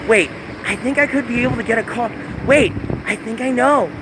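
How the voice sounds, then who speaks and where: A man's voice: very high-pitched, a little fast. A man live-streaming from his phone outdoors, talking to his chat in distressed, pleading rants. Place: outdoors on city streets. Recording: phone stream with loud street noise.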